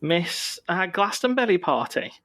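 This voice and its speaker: A man's voice: sits high, very animated, unhurried, a bit bright. Chatty man, podcast co-host. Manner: chatty storyteller, laughs easily. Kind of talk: casual chat.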